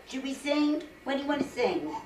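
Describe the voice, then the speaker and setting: A woman's voice: sits high, big pitch swings, fairly quick, recorded from a distance. An older woman, a grandmother, singing nursery songs and coaxing a baby in a playful, sing-song way at home. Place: family home. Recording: echoey home video from across the room, faint noise.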